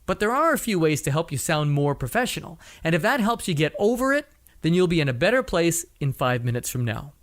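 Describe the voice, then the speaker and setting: A man's voice: a little high, very animated, fairly quick, a bit bright. A middle-aged man hosting a podcast, giving blunt, wry advice in a solo talk. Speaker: podcast host and coach.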